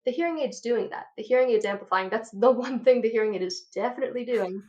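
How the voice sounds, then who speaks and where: A woman in her thirties, an audiologist, talking passionately and quickly in an interview, a bit out of breath. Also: fairly high pitch, warm tone, dull audio. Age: 30s. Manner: passionate, rapid lecturing. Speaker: audiologist guest. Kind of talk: enthusiastic interview talk.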